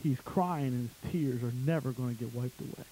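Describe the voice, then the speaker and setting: A man preaching a fire-and-brimstone sermon, swinging between loud shouting and low, intense tones. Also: normal speed, a little hiss or hum, poor audio.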